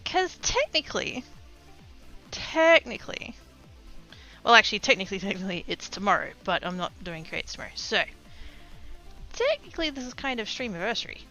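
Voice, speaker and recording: A woman's voice: mid-range voice, sing-song, moderate pace, pauses often, pushed and bright, soft background music, low-quality recording. An Australian woman chatting casually with viewers on a craft livestream, bubbly and giggly, through a headset mic at home.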